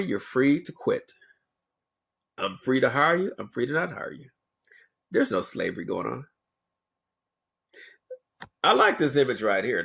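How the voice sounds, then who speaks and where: Blunt husky man ranting. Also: on the low side. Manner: emphatic, blunt, lecturing. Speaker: vlogger. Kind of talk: opinion rant to camera.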